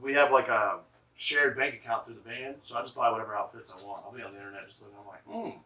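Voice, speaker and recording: A man's voice: mid-range voice, fairly even intonation, fast talker, bright, forceful tone, far from the mic. A young adult man telling stories casually, swearing freely and filling his talk with "like.". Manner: loose, profane, fills with 'like'. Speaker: musician guest. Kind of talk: casual storytelling. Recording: echoey room, mic from afar.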